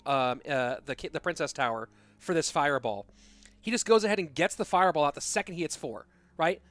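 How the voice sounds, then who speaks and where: Higher-voiced male esports caster. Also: no room sound. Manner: excitable play-by-play with rambling asides. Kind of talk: live game commentary.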